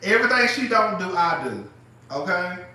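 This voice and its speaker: High, bright-voiced dramatic man. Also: moderate pace. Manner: animated, dramatic, laughs often, calls listeners girl. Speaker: live-stream host. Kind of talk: casual gossip chat. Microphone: phone. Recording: very echoey room, mic far off, faint noise.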